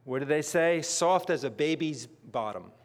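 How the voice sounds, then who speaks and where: A man's voice: on the high side, lively intonation, measured pace. A man from northern New Jersey giving a sermon, reading scripture and adding conversational asides. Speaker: preacher. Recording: long reverb of a large hall.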